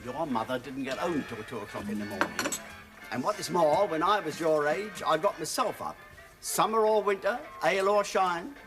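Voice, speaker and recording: A man's voice: mid-range voice, fast, hardly any pauses, fairly bright tone, natural voice. An actor playing a grumbling, lecturing older grandfather in a TV drama. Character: gruff older grandfather, fussing. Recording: TV soundtrack with music behind.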